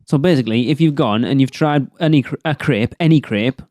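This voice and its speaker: A man's voice: mid-range voice, fairly quick, darkish tone, no room sound, studio quality. A man co-hosting a podcast in casual chat, full of teasing, sarcastic banter. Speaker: podcast co-host.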